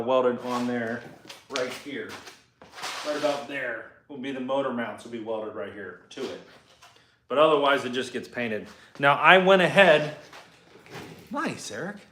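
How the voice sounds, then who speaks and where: A laid-back man talks shop from his garage, answering viewer comments. His talk rambles loosely and he swears freely. The room is echoey, and his voice sits at a middle pitch. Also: fairly bright tone, a little hiss or hum. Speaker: host and car builder.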